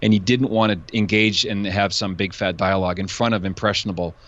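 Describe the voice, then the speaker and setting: A man's voice: lowish voice, steady tone, fairly quick, fairly bright tone. A male host in a casual interview chat, joking and conversational. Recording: dull lo-fi sound.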